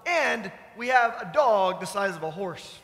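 A man with a high, bright voice delivers a sermon, moving from scripture reading into a homely story. He talks to the congregation in a conversational way and asks them questions. The voice carries a long reverb from the church hall. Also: expressive, unhurried. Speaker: pastor. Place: church sanctuary.

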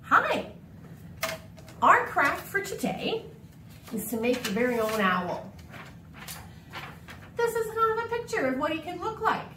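A woman's voice: extremely high pitch, bright, forceful tone, distant mic, a little hiss or hum. A woman talking to children in a bubbly, sing-song way, telling a short story and explaining a craft. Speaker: children's library host. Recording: echoey room, speaker off-mic.

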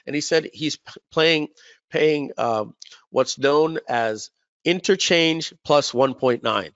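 A man's voice: on the high side, slow pace, a bit bright, no echo. A man hosting a webinar, telling a sales story in a casual, rambling way with lots of fillers and repeated words. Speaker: webinar host. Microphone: webinar call mic. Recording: slightly dull lo-fi audio.

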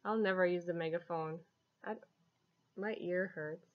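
A woman's voice: fairly low pitch, fairly even intonation, a little slow, dull audio. Giggly woman testing an app. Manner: giggly, laughs often. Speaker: app reviewer. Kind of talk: casual vlog commentary.

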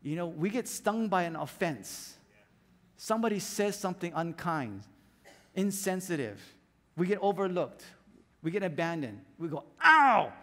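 A man's voice: sits high, expressive, moderate pace, big-room sound. A man preaching a sermon, telling a story and acting out scenes and sound effects as he goes. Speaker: pastor. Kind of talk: lively sermon with stories. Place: church hall.

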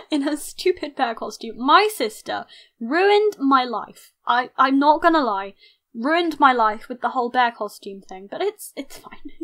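A young woman chatting casually through her life-sim game, excitable and mock-outraged, laughing often. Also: high-pitched. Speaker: gaming YouTuber. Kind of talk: casual let's-play commentary.

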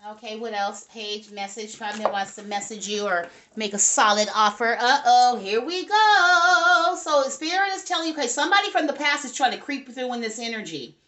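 This tarot reader talks fast with hardly any pauses, her medium-pitched voice pushed and bright. During her casual reading she chats to viewers and spirits and says "okay?" over and over.

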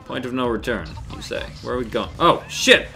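A man giving solo gameplay commentary, shouting and swearing at the game and cracking sarcastic jokes, with faint game music behind. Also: medium pitch, animated, fairly quick, creaky. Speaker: let's play gamer.

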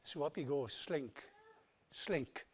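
A man preaching, telling a children's story in an animated, lively way. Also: fairly high pitch, slow pace, slightly rough. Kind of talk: children's story in a church service.

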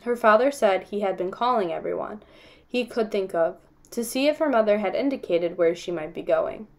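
Calm, even-voiced woman reading a novel aloud. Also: mid-range voice, moderate pace. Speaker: audiobook reader.

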